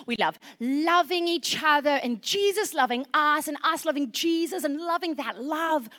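Lively, animated woman preaching. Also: high-pitched, moderate pace, hardly any pauses. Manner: animated, chatty, asks the audience questions. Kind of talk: sermon. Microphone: microphone to a congregation.

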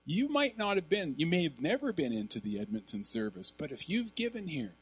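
Pastor with a lively, somewhat high voice. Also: male voice, fairly quick, breathy edge. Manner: conversational storytelling, animated. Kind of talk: sermon.

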